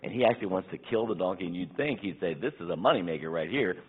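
A man preaching a sermon as pastor, swinging between emphatic raised bursts and quiet asides. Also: low-pitched, expressive, fast, breathy edge. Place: church sanctuary. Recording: tinny phone-like church recording.

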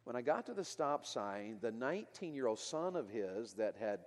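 A man's voice: mid-range voice, sing-song, normal speed. Man, preacher, sermon storytelling, earnest, long hall reverb. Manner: earnest, building to loud emotional peaks then dropping quiet.

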